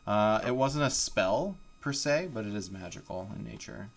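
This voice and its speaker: A man's voice: fairly low pitch, expressive, normal speed, gravelly, a loud crowd. A man running a live tabletop game as game master, narrating in a casual, rambling way full of fillers.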